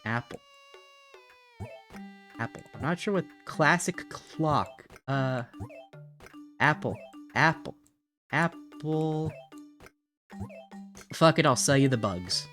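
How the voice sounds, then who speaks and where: A man's voice: fairly high pitch, lively intonation, slow pace, pauses often, fairly bright tone. A man giving casual gaming commentary as a streamer, goofy and self-mocking, sometimes slipping into a silly put-on accent. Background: game music.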